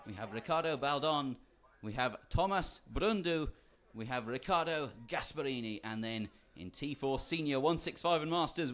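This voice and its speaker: A man commenting on a kart race. He reads out long lists of drivers by nation at a steady pace. He adds dry asides now and then. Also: medium pitch. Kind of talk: reading out entry lists.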